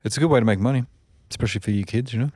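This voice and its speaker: A man's voice: mid-range voice, racing, darkish tone, no echo, clean studio sound. A middle-aged man hosting a podcast in casual interview chat, rambling and restarting his questions. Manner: rambling, repeats words when starting questions. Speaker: podcast host.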